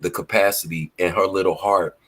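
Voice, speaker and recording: Middle aged guy, aave, lowish voice, casual live stream chat, storytelling. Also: a little fast, no echo. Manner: storytelling, animated quoting of his daughter.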